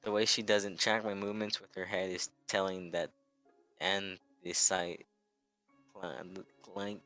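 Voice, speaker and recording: A man's voice: low voice, level tone, unhurried, pushed and bright, no room sound, soft background music, low-quality recording. A man casually reading a visual novel aloud with a friend, often stumbling over words and restarting. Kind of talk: casual read-along chat.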